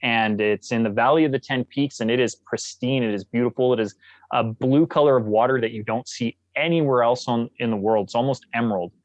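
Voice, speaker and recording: A man's voice: medium pitch, fairly quick, no echo, highs cut off. A jovial man from Canada talks as a podcast guest, full of enthusiasm and storytelling energy. His voice sits mid-range, and the recording is dry and close. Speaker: guest, actor. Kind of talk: casual podcast interview.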